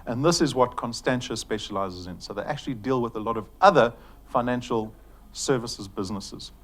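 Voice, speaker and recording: A man's voice: medium pitch, brisk, fairly bright tone. A middle-aged man from South Africa giving a chatty business presentation to an audience, joking now and then, with fillers. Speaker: company executive presenting to an audience.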